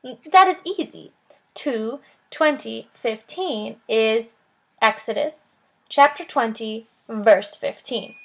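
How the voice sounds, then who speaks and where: Woman putting on a hearty old German printer, thick German accent, raised voice, gravelly edge, storybook reading. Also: fairly high pitch, takes it slowly, full character voice. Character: jolly old German male printer hologram.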